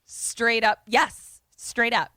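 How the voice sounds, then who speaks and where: A young woman co-hosting a podcast, casually recapping a movie in animated fashion, acting out the characters' lines and swearing freely. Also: fairly high pitch, slow pace, dry recording, clean studio sound. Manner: animated storytelling with quoted voices, frequent swearing. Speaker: podcast co-host.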